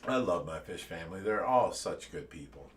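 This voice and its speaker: A man's voice: low voice, animated, normal speed, distant mic, slight background noise. A man hosting a fish rescue livestream, chatting casually and earnestly, laughing at times.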